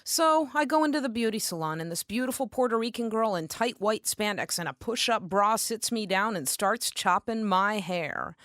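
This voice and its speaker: A woman performing spoken word poetry with a deadpan, sardonic, rhythmic delivery. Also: mid-range voice, normal speed, hardly any pauses, no room sound, studio quality.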